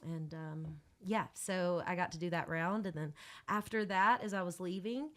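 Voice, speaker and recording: A woman's voice: lowish voice, steady tone, normal speed. A woman, a musician telling stories as a guest on a podcast in casual chat. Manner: chatty storyteller, talks with her hands.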